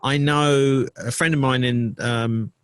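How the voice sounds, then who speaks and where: A middle-aged man, a DJ and producer, recalling his career in a casual interview, relaxed and full of fillers. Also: medium pitch, slow, dry recording. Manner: relaxed storytelling with many fillers.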